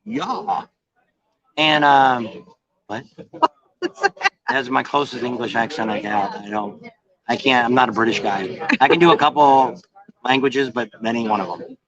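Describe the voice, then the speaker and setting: A man's voice: mid-range voice, moderate pace, dull audio, crowd noise. A man hosting a casual live-stream travel vlog, rambling and folksy, often correcting himself. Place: noisy bar with a crowd.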